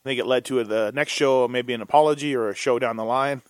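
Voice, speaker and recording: A man's voice: mid-range voice, fast, no echo. A man hosting a podcast in casual banter, teasing his co-hosts and laughing often. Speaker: show host.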